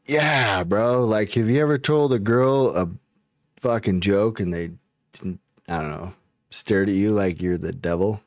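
A man's voice: fairly low pitch, unhurried, dry recording, studio quality. A man chatting casually as a podcast host, rambling, laughing often and swearing a lot. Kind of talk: casual chat.

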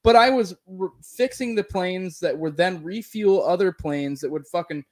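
A man's voice: sits high, moderate pace, darkish tone. A man who served in the military, rambling through casual, profane podcast talk full of fillers. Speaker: military veteran, podcast co-talker.

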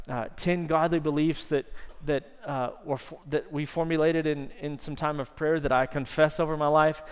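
Smooth-voiced guy preaching, drags out words for emphasis, big echoey church. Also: fairly high pitch. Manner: emphatic, stretches key words, drops to soft intimate tones. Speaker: pastor. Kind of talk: sermon. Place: church sanctuary. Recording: long church reverb.

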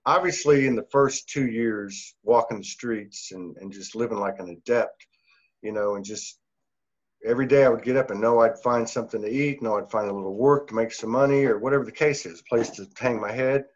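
Brisk and medium-pitched, a middle-aged guest on a podcast tells a personal story in lo-fi sound. It's casual storytelling, earnest and rambling, with frequent laughs and plenty of fillers.

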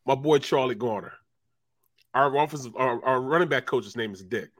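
A man co-hosting a casual sports talk show, telling locker-room stories and acting out teammates with loud, raised voices. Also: mid-range voice, moderate pace. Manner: animated storyteller who acts out teammates with loud raised voices and laughter. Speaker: co-host, former football player.

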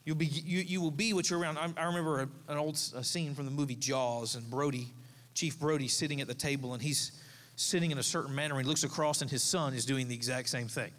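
A man's voice: mid-range voice, steady tone, quick pace, fairly bright tone, big-room sound. A man in his thirties, a pastor, preaching a sermon in a conversational, storytelling way, with asides to the congregation. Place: church sanctuary.

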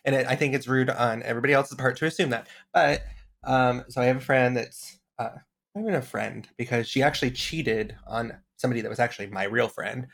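Blunt, gravelly-voiced man. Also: medium pitch, fairly even intonation, fairly quick, fairly bright tone. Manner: blunt, profane, laughing often. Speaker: podcast co-host. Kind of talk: casual chat.

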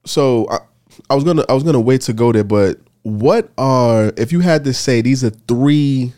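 A man hosting an interview in a relaxed, informal way, encouraging his guest and reacting with lively interjections. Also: mid-range voice, moderate pace. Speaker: podcast host. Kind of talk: casual interview chat.

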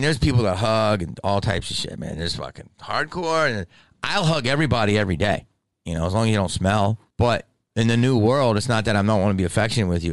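Podcast host, middle-aged man, very low gravelly voice, loose profane storyteller. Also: dry recording. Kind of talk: casual monologue.

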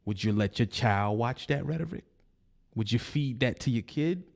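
A male online commentator with a medium pitch, lively intonation and vocal fry speaks at a moderate pace. In a confrontational, preachy monologue against a rival, he taunts and keeps repeating his points.

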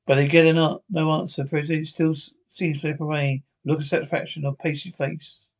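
A man's voice: fairly high pitch, level tone, moderate pace. A man reading a science fiction episode script aloud, often stumbling and restarting words. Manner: stumbling, frequent restarts and slips. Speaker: podcast reader.

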